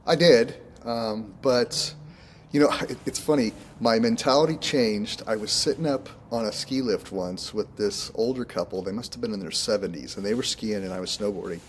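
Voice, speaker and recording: Laid-back oregon guy, kinda low voice, rambly, laughs a lot, bit of hiss behind. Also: moderate pace. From Oregon, United States. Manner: relaxed, rambling, laughs often. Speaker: minister and contractor, guest. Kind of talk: casual interview chat.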